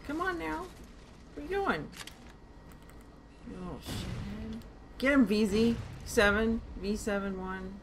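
A woman playing a shooter solo, talking to herself through a headset, swearing freely and yelling at enemies, tired and loopy. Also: medium pitch, slow, long pauses, noisy background. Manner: swears often and shouts at enemies, with loud excited outbursts. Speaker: gamer streaming her own play. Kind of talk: casual gameplay commentary.

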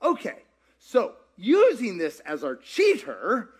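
Animated high-voiced man teaching a crowd. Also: slow pace, slightly rough. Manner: playful, jokey, asks the crowd questions. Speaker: pastor leading a group discussion. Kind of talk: interactive teaching talk with audience.

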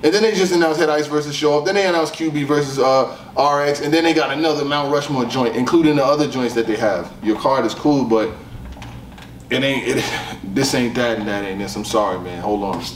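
A man's voice: mid-range voice, a little fast. Man, casual commentary, rambling, echoey room, distant mic. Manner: laid-back, rambling, laughs often. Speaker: commentator on battle rap. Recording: roomy echo, distant mic, faint noise.

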